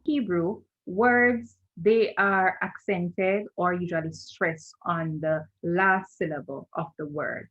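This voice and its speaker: A woman's voice: fairly low pitch, fairly even intonation, slow pace, few pauses, a bit bright, lo-fi sound. A woman teaching a screen-share lesson, patient and repetitive, often checking in with "right?". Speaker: language teacher.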